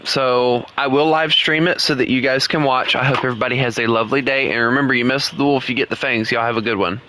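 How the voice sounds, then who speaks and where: A young man with a Southern American accent streams a game live, chatting casually and teasing his viewers with jokes and quick restarts. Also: mid-range voice, steady tone, sharp tone, rough recording. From United States. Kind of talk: casual live-stream chat while playing.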